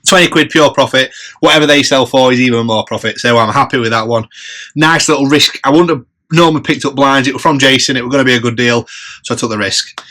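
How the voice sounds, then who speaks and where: Bright, chatty man. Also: mid-range voice, quick pace. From England. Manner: chatty, upbeat, running tallies of prices and profit. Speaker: reseller vlogger. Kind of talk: casual chat.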